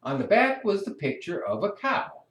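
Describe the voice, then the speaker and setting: A storyteller reading a children's picture book aloud in a slow, expressive, sing-song way. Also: mid-range voice. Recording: echoey room.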